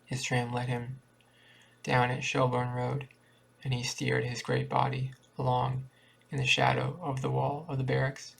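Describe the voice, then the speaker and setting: A man reads a short story aloud in a plain, steady manner, now and then restarting a word. His voice is heavily creaky and gravelly at an ordinary middle pitch. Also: measured pace. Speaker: reader.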